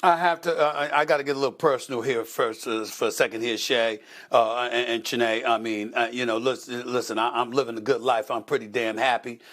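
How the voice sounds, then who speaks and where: Male sports TV host, halting and repetitive, playful banter. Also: medium pitch, fairly even intonation, a bit bright.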